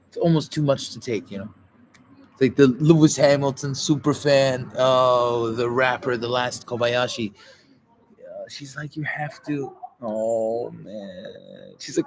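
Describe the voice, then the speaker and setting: A man's voice: medium pitch, slight background noise. Rambling, swearing man in casual talk. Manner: rambling, swearing, quoting others in quick voices.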